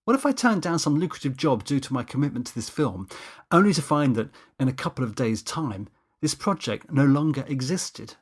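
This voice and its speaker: A man's voice: medium pitch, sing-song, brisk, breathy edge. A man voicing a pompous, touchy cinematographer who lectures in stiff, formal words. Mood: indignant.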